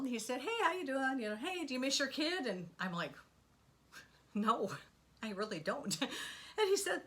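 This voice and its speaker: A middle-aged woman telling a rambling personal story in a casual monologue, animated and full of asides and sound effects. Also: medium pitch. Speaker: spiritual vlogger.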